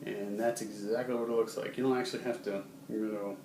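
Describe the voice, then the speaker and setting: A man teaching a casual video lesson in a relaxed way, with many ums, who acts out short example phrases. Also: mid-range voice, moderate pace. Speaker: sign language teacher. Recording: roomy, distant, faint background hum.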